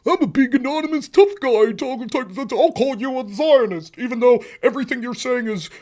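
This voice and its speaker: A man's voice: very high voice, a little fast, darkish tone. A man putting on the voice of a whiny anonymous online troll, in a mocking sing-song.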